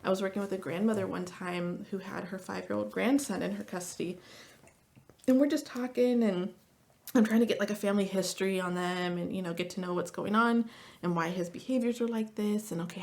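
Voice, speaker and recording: A woman therapist talking casually as a podcast guest, chatty, with lots of "like" fillers and lively storytelling. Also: medium pitch, brisk, gravelly. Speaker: marriage and family therapist.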